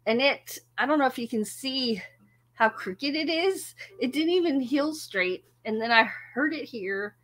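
A woman's voice: high voice, a little slow. A woman hosting a music channel, telling a story casually to her audience, laughing often and poking fun at herself. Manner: laughs often, animated and self-mocking.

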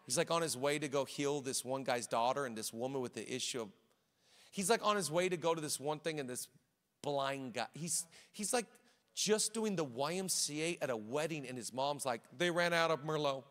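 A man's voice: medium pitch, animated, normal speed, fairly bright tone. A man preaching a sermon as pastor, telling stories with animation and acting out quoted voices. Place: large church auditorium. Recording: echoey church hall.

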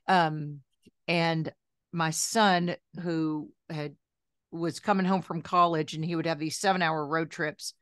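A woman in her sixties, a journalist and health coach, telling her story in a chatty, lively interview style full of asides. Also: sits low, takes it slowly, clean tone, dry recording, studio quality. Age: 60s.

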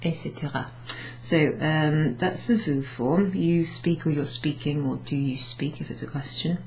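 A woman teaching a beginners' French class, explaining slowly and patiently with many ums and repeated French words. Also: sits low, creaky, poor audio. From United Kingdom. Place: pub function room, recorded lesson.

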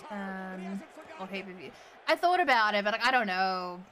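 A young woman streaming a game, excitable, swearing often and laughing between reactions. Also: mid-range voice, normal speed, noisy background. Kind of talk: casual live-stream commentary.

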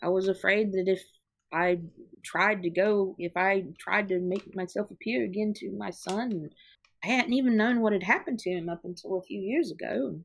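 A woman voicing a gentle, soft-spoken mother in a tabletop game, speaking hesitantly. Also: medium pitch, moderate pace, creaky. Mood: earnest.

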